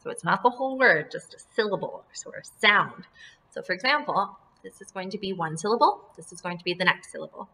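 A woman teaching a second-grade class, drilling words and syllables slowly and clearly and encouraging the children. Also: medium pitch, lively intonation, sharp tone. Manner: slow, deliberate word drills with clear enunciation. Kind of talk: phonemic awareness lesson for young children.

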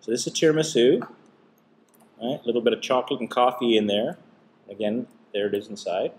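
A man hosting a casual taste-test vlog with his son, chatty, explaining things and teasing gently. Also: mid-range voice, fairly quick, slight background noise. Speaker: host and dad.

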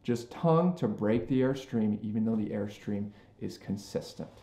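Male music teacher, earnest, mellow tone, echoey room. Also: fairly low pitch, normal speed. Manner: earnest, frequent "okay?" and "right?" check-ins. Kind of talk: instructional talk to band directors. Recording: roomy echo.

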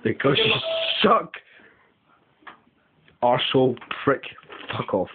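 A man's voice: medium pitch, very animated, slow pace, slightly rough. A young man asking blunt questions and heckling in an amateur skit. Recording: tinny lo-fi home video with faint hiss.

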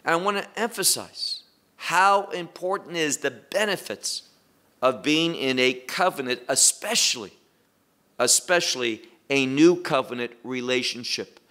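A man teaching the Bible verse by verse, deliberate and repeating key phrases for emphasis, pausing to put questions to his listeners. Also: mid-range voice, expressive, sharp tone. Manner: asks listeners direct questions.

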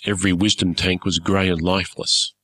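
A man reading a first-person story aloud in a measured, formal storytelling manner. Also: low voice, little pitch movement, bright, forceful tone, dry recording, poor audio. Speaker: story narrator.

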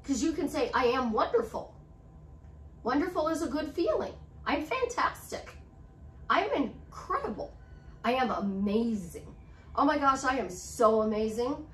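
Female life coach, high voice, emphatic and repetitive, roomy distant recording with faint hiss. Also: lively intonation, a little slow. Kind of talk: motivational talk to camera.

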